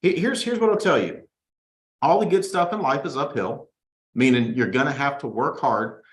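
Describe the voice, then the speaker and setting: A man hosting a weekly motivational talk to his sales team, energetic and fond of mocking complainers in whiny voices. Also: mid-range voice, normal speed, reverberant. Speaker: host and sales team leader. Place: studio.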